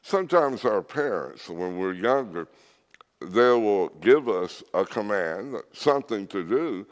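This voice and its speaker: A man's voice: fairly low pitch, animated, takes it slowly. A man preaching an earnest sermon to a church audience, stressing his points and reading scripture aloud. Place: church hall. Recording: reverberant church hall.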